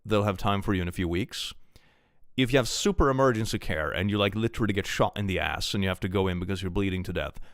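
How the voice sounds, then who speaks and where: Talking quickly in a low-sitting voice, a man from Sweden reads viewer messages on a casual stream with his Swedish accent. Animated and joking, he curses freely and flips between mock despair and excitement; the studio sound is clean with no echo.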